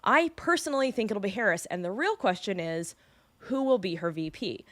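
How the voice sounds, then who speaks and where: A woman's voice: medium pitch, moderate pace, no echo. A young woman from California hosting a daily news podcast, explaining the news in a chatty, joking way. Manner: chatty and joking, lively asides.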